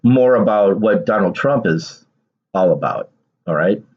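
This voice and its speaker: A man's voice: on the low side, animated, measured pace, dull audio. A man doing casual political commentary on his vlog, reading aloud and then ranting emphatically with bursts of laughter.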